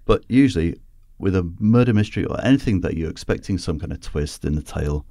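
Lively low-voiced man hosting a film podcast. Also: fast, dry recording, studio quality. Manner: animated, chatty, laughs often. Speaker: podcast host. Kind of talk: casual film review chat.

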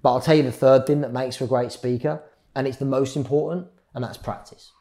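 A middle-aged man giving a public speaking workshop, shifting his pace and volume and pausing for effect. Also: mid-range voice, fairly even intonation. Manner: varies speed and loudness, pauses for effect. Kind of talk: live workshop talk.

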